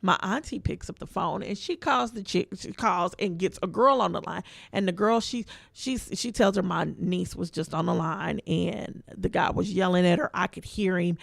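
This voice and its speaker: A woman's voice: on the low side, moderate pace, vocal fry, few pauses, dry recording, clean studio sound. A woman co-hosting a podcast, telling a story in casual, colloquial speech and acting out the voices of the people in it. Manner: animated storyteller who acts out quoted voices. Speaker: podcast co-host.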